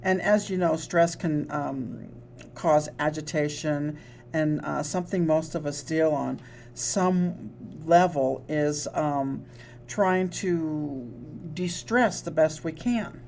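This is a woman hosting a relaxed wellness talk in a somewhat low voice. She talks earnestly, stumbling and restarting with fillers as she explains ideas. A faint hum sits behind her. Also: takes it slowly, gravelly. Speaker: co-host, psychologist. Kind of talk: casual podcast chat.

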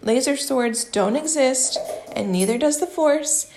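A woman voicing an indignant, theatrical young man who gets worked up and speaks in slow, emphatic bursts. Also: a little high, vocal fry, noisy background. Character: indignant dramatic young man, easily outraged.

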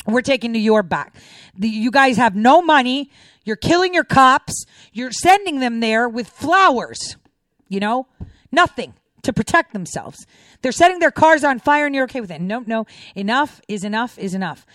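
Woman commentator, fiery ranting monologue, higher voice, dry close mic. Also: animated, normal speed, dry recording. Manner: indignant, ranting, rhetorical questions. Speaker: political commentator. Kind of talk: opinionated monologue.

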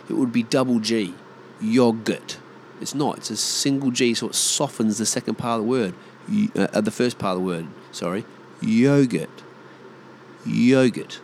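A man's voice: medium pitch, darkish tone, a little hiss or hum. A man with an Australian accent, rambling in a casual monologue and ranting bluntly with plenty of swearing.

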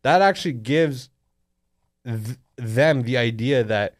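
A man's voice: medium pitch, takes it slowly, no echo. Teasing profane young man, dry close sound. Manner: teasing, profane, laughs often. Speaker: podcast host. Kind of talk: casual banter.

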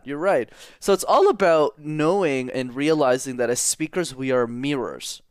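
A man's voice: fairly high pitch, dry recording, clean studio sound. A young Canadian man whose first language is French, answering interview questions as a public speaking coach in a confident, emphatic way.

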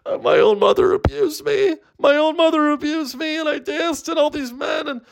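Man putting on a tearful young woman, high pitched voice well above his own, choked, halting, distraught, comedy podcast bit. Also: animated, vocal fry, full character voice. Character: tearful young woman recounting childhood trauma.

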